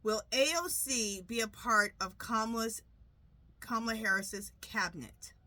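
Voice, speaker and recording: Bright-voiced chatty woman vlogging. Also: a little high, dry recording. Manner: chatty, rambling, quick asides; asks a pendulum questions, repeating "clear". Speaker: tarot reader and channel host. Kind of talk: casual chatty vlog.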